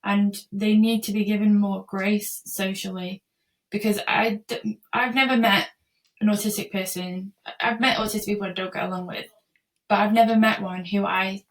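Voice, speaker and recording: A woman's voice: medium pitch, little pitch movement, moderate pace. A woman speaks as a guest in a casual podcast interview, earnest and reflective. Her voice sits in a middle register. She sounds a little distant from the microphone.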